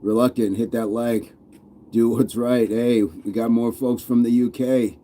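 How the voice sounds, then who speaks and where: A warm, medium-pitched male voice with fairly even intonation and a slightly slow pace. He's an American fitness channel host running a casual live stream, reading viewer comments aloud in a loose, playful way and chuckling often.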